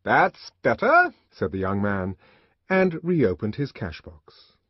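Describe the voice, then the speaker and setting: A man reading an audiobook with an expressive, dramatic delivery. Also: lowish voice, slow pace, no room sound. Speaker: audiobook narrator. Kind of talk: audiobook narration. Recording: dull, dry lo-fi recording.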